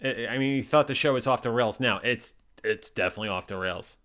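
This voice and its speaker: A man hosting a casual livestream, bantering with his co-host and reading viewer comments aloud. He talks in an easygoing, jokey way at a medium pitch. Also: fast talker, a bit bright.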